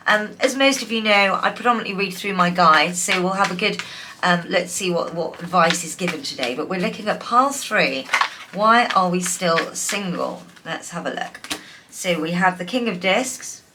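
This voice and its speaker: A woman's voice: on the low side, animated, moderate pace, noisy background. A woman giving a casual, affectionate tarot reading, chatty and full of fillers. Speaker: tarot reader.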